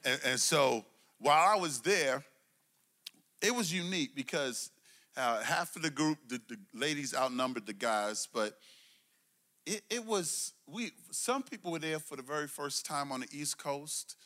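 A middle-aged man from Brooklyn, preaching a sermon with call-and-response, swinging between loud emphasis and low asides. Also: animated, a little slow. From Brooklyn, New York. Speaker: pastor.

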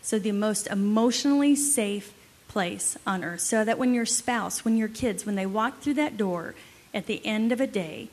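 A woman teaches couples about marriage in a middle-pitched voice. She encourages her listeners and lists her points one at a time. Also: normal speed, darkish tone. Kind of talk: teaching to a live group.

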